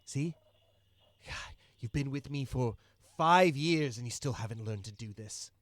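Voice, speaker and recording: A man's voice: medium pitch, lively intonation, measured pace, dry recording, pitched above the performer's own voice, close to an everyday voice. A man voicing a bossy, impatient merchant. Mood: scolding. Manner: barks orders, scolding, mutters insults.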